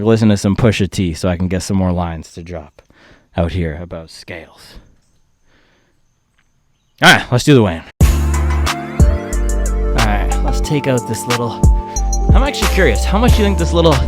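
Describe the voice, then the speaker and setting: A man's voice: fairly low pitch, expressive, moderate pace, pauses often, music in the background. A man giving a casual running shoe review, laid-back and slangy, with joking asides.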